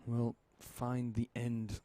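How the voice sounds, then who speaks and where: A man casting a competitive shooter game match with fast, joking play-by-play commentary. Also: mid-range voice, monotone, warm tone. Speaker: esports caster.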